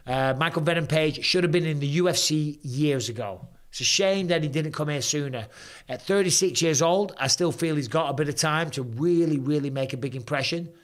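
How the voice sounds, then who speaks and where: Chatty English man in his forties, hoarse. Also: fairly high pitch, brisk. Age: 40s. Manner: chatty, animated storytelling with British slang. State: hoarse from throat trouble. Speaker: host. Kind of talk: casual live-stream chat.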